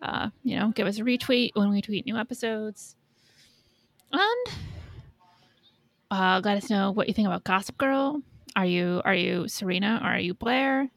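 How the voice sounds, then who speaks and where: A woman co-hosts a podcast in relaxed chat, laughing easily and sounding amused. Her voice has plenty of fry and a mid pitch. The sound is close and dry. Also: normal speed, no echo. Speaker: podcast co-host. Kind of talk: casual chat.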